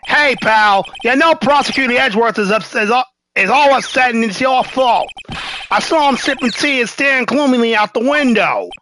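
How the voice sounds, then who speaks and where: A streamer voicing a gruff, bumbling male detective in a New York accent, calling everyone "pal", over game music. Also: medium pitch, animated, normal speed, slight background noise, voice pushed up. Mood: blustery. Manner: tacks "pal" onto lines, loud and blustery.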